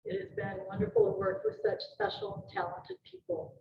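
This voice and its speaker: A woman's voice: very high-pitched, steady tone, fairly quick, vocal fry. A woman giving a nervous, emotional farewell speech as a retiring board member, reading from notes, her voice breaking. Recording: distant, muffled, echoey room with noise.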